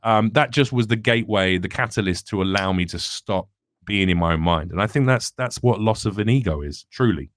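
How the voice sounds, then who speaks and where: A man's voice: fairly low pitch, fairly quick. An English man speaking as a comedian guest in a candid podcast conversation, reflective and rambling, with frequent restarts.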